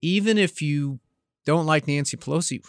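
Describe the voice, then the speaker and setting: A man's voice: fairly high pitch, moderate pace, no room sound, clean studio sound. A man hosting an opinion podcast, a former congressman, speaking emphatically and asking rhetorical questions. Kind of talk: opinion commentary.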